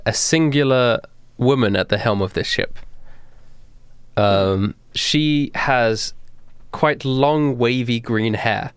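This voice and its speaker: Unhurried male game master, dry sound. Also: medium pitch, smooth, no echo. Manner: unhurried, with many fillers. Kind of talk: narrating a tabletop game.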